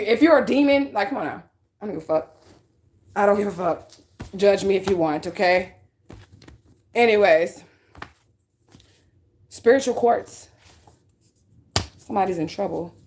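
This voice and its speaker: A woman giving a casual spiritual reading, talking bluntly with lots of swearing and a repeated "okay?" to her listeners. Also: mid-range voice. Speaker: psychic reader.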